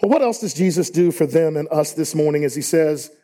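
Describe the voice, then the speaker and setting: A man preaching a sermon in a church, emphatic and rising to high exclamations. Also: lively intonation, brisk, dark tone. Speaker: pastor. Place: church sanctuary.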